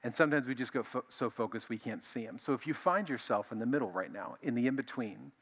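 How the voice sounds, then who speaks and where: Bright-voiced, conversational male pastor. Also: medium pitch, fast talker, slightly rough. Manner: conversational, animated, with repeated restarts. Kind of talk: sermon.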